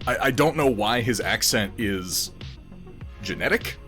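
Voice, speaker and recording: Rambling, swearing livestream host. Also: male voice, mid-range voice, expressive, unhurried, fairly bright tone, faint music behind. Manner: rambling, chatty, laughs often, swears freely. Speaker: livestream host painting miniatures. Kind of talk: casual livestream chat.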